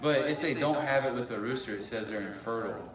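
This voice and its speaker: Man asking questions over a loud bar crowd. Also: medium pitch, quick pace, echoey room, recorded from a distance. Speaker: podcast co-host. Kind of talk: casual comedic banter. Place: live bar stage with crowd.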